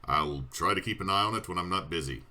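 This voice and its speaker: A man playing an earnest confused crewman, low, quiet, bright tone. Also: fast talker.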